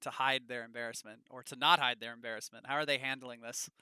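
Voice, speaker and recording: A man's voice: mid-range voice, fairly even intonation, fast, pushed and bright, clean tone, no echo. A man running a tabletop role-play game as game master, describing the scene and prompting players with questions.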